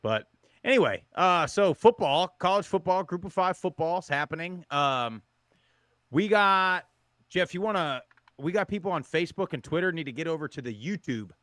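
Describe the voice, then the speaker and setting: A man's voice: fairly high pitch, expressive, moderate pace, fairly bright tone, dry recording. A man co-hosting a sports podcast, talking in a rambling casual way with many restarts. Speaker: podcast co-host. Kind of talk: casual chat.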